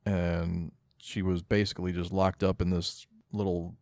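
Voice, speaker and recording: Low-voiced, cynical man talking comics. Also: level tone, a little slow, a little mellow, dry recording, studio quality. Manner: cynical, blunt, profane. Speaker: podcast co-host. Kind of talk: casual comic-book review chat.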